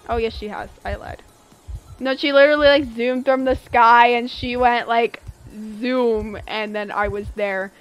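A woman's voice: fairly high pitch, measured pace, clean tone, soft background music, rough recording. A young woman streaming a video game live, chatting with viewers and breaking into exasperated outbursts as she plays. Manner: expressive, exasperated outbursts while playing. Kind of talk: casual live game commentary.

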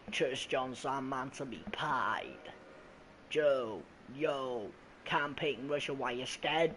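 A man's voice: mid-range voice, slight background noise, rough recording. A young man giving crude, profane gameplay commentary. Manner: crude, profane trash talk. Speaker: gamer.

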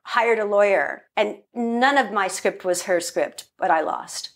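A woman guest in a casual interview, a lively storyteller who acts out quotes and laughs often. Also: mid-range voice, unhurried.

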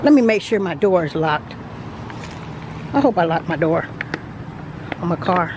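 With a noisy background behind her, a Mississippi woman tours show manufactured homes for her vlog, chatting directly to viewers and laughing frequently. Her voice is lowish, expressive and measured. The footage comes from a handheld phone camera, then a small tripod.

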